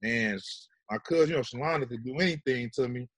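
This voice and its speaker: Male guest, laid-back and slangy, mid-pitched, close and dry. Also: fast, fairly bright tone, no room sound. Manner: laid-back slangy talk, often says "you know what I'm saying". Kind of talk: casual storytelling chat.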